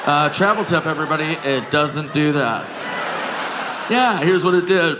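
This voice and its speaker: A man telling stories on a comedy stage, animated, acting out the people in his stories and laughing at his own jokes. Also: fairly high pitch, moderate pace. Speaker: stand-up comedian. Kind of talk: stand-up storytelling. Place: comedy stage before a live audience. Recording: live crowd laughter and noise.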